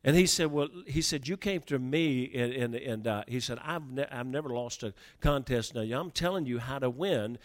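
A middle-aged man preaching, telling a personal story in a sermon, with many restarts and stammers as he builds from a quiet start to fervent emphasis. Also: mid-range voice, moderate pace, hardly any pauses.

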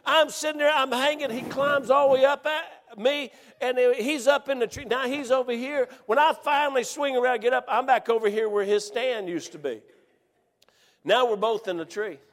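A man with a fairly high voice tells a comic personal story with lively energy, laughing along as the tale builds. His voice carries a long reverb, as if spoken in a large hall. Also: moderate pace. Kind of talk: animated personal anecdote.

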